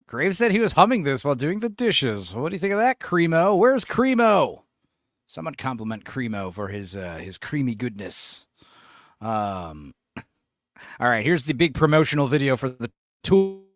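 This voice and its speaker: A man in his forties hosting a podcast in casual chat, laughing, swearing and doing animated impressions. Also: medium pitch, normal speed, dry recording, studio quality. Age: 40s. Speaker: podcast host.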